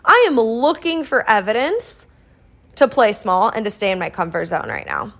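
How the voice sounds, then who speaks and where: A woman's voice: on the high side, sing-song, normal speed. A young woman from Iowa hosting a solo podcast, talking in a casual, earnest, motivational way with lots of "like" fillers. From Iowa, US Midwest. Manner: earnest and chatty, with many "like" fillers. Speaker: podcast host.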